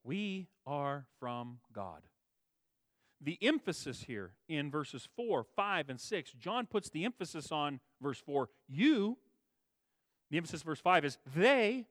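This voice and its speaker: A man delivers a sermon in a somewhat high voice, recorded dry and close with no room sound. He repeats and rephrases his points, leaning hard on stressed words before dropping low and soft. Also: very animated, a little slow, dry recording. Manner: emphatic, swings between raised stresses and quiet low asides; repeats and restates phrases for emphasis. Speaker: pastor.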